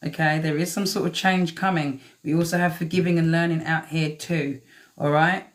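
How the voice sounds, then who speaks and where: A woman with a low voice and steady tone speaks at a moderate pace. She's a tarot reader doing a live-stream reading, chatting and swearing freely as she talks to the cards.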